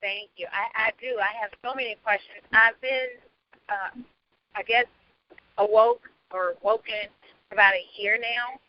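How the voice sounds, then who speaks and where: Earnest halting woman on a lo-fi call. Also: a little high, lively intonation. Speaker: guest asking questions. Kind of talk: personal testimony. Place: in a moving car. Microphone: phone or call audio while driving.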